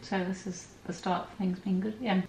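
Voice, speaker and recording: A woman's voice: medium pitch, level tone, brisk. Encouraging woman in an echoey room. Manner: warmly encouraging. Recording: echoey room with clear noise.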